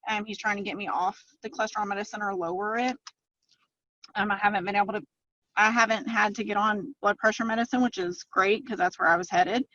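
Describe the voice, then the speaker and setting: A woman's voice: mid-range voice, fairly even intonation, fairly quick, pushed and bright. A woman, chatting as a podcast guest about her progress, telling it with quoted asides. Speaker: podcast guest, fitness client. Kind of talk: casual interview chat. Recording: dull lo-fi, dry sound.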